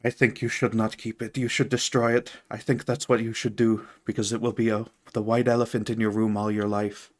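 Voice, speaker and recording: A man's voice: on the low side, level tone, darkish tone, natural voice. A podcast co-host putting on an impression of an intense older male documentary filmmaker, solemn and ominous, with faint music behind. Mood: grave. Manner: solemn, slow, ominous warnings.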